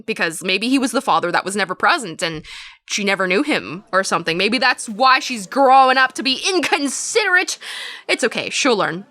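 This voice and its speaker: Woman, casual game commentary, chatty, self-mocking, runny nose, bright tone, lively pitch. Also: dry recording. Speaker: game streamer. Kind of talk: casual let's-play commentary.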